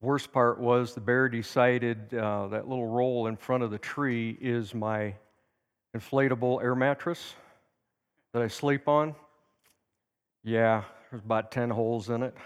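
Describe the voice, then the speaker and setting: A man's voice: mid-range voice, clear, resonant tone, long reverb tail. A man teaching at a church service, telling a personal story in a folksy way and acting out the quotes. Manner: anecdotal, folksy, with lively acted quotes. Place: church sanctuary.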